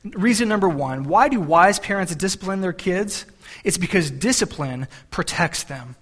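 A man's voice: high-pitched, animated, normal speed, fairly bright tone. A man in his thirties, a pastor delivering a sermon in an earnest, conversational way with frequent restarts.

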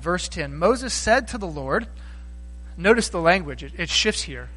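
A man's voice: fairly high pitch, expressive, moderate pace, fairly bright tone, poor audio. A man preaching a sermon in a conversational way, acting out the voices he quotes. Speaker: pastor.

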